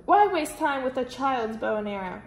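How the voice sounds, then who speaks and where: A woman voicing a fretful, fussy old king who talks slowly and gets exasperated, in a roomy space. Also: sits high, lively intonation. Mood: commanding. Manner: slow, exasperated, easily flustered. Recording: roomy echo.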